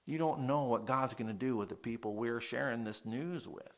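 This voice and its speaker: A man's voice: mid-range voice, normal speed. A man preaching a sermon in a conversational way, often putting questions to his listeners. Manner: animated, conversational, asks the audience questions.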